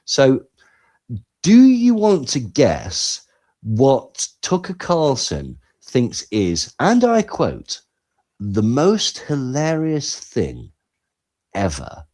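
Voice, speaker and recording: A man co-hosts a podcast in a loose, sarcastic chat. His pitch swoops widely as he talks, and he jumps between loud bursts and quiet asides. His voice sits in the middle range. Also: wildly swooping pitch, drawn-out words. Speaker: podcast co-host. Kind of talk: casual commentary chat.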